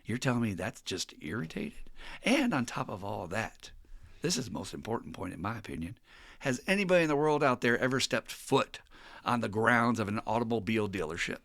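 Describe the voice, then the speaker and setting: A man hosting a podcast, telling stories in a casual, animated and profane way. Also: medium pitch, a little fast, creaky, no room sound, clean studio sound. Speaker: podcast host. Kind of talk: casual chat.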